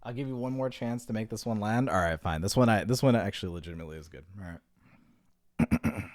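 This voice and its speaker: A man's voice: lowish voice, fast, no echo. A man casually telling long jokes, rambling with lots of "like" and restarts as he acts out the characters' lines. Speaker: joke teller.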